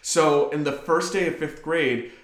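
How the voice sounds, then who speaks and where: Bright-voiced man in an echoey room. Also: on the high side, measured pace. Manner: animated, profane, laughs through stories. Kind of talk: casual chat, storytelling.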